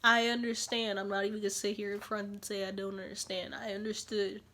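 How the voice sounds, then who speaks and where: A young woman vlogging casually to her camera, chatty and animated, repeating lines for emphasis and dipping into whispered asides. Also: mid-range voice, fairly quick.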